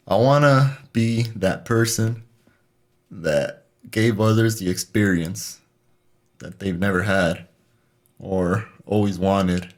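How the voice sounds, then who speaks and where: Laid-back, swearing young man. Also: on the low side. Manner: laid-back, profane, quick to laugh. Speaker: podcast co-host. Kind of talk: casual chat.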